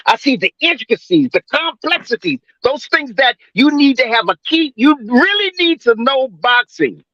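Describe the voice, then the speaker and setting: Man in his seventies, high bright voice, lively up-and-down delivery, rambling and emphatic, fillers and restarts, slightly dull online call audio. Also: dry recording. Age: 70s. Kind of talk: casual profane sports debate.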